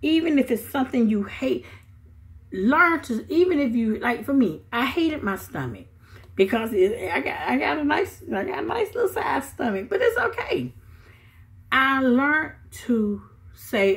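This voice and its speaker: A middle-aged woman giving casual motivational advice to her viewers, animated and chatty with asides. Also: on the high side, a little slow. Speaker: vlogger giving life advice. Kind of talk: casual motivational talk to camera.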